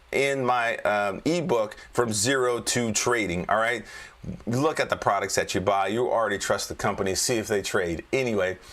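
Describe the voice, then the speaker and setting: Male trading coach, mid-pitched, chatty and joking, casual screen-share market review. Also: a bit bright. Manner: chatty and joking, keeps checking in with "all right?".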